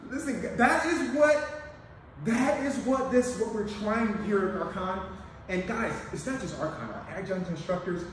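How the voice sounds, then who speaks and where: An energetic man with a high-pitched voice, leading a hands-on demonstration lesson with emphatic calls to watch. The room is very echoey and he is some way off from the mic. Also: far from the mic, noisy background. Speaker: police officer and instructor.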